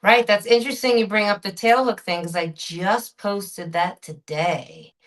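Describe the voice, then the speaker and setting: A woman being interviewed on a podcast, telling stories in an animated, expressive way. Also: medium pitch, unhurried. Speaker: podcast guest. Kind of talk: conversational interview.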